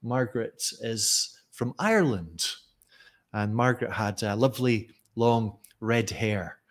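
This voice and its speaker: A middle-aged Scottish man telling a personal story in a chatty, self-correcting way during a live stream, pausing to read viewer comments. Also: medium pitch, expressive. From Scotland. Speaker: teacher trainer.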